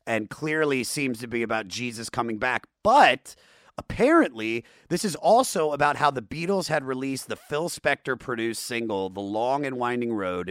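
A man hosts a loose, casual chat, talking in excited, profane bursts. His voice sits in a middle range and is recorded dry and close, with no room sound. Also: mid-range voice, dry recording. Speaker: podcast host, comedian.

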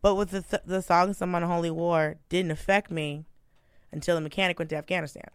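A woman comedian telling stories in a casual podcast chat, animated and profane, acting out quotes. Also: fairly low pitch, brisk, smooth, dry recording, clean studio sound. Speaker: comedian guest.

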